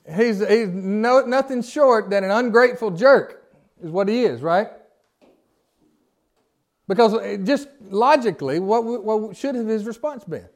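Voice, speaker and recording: A man's voice: sits high, lively intonation, unhurried. A man teaching a Bible study in a conversational way, reading scripture aloud and then putting questions to his group in informal, folksy phrasing.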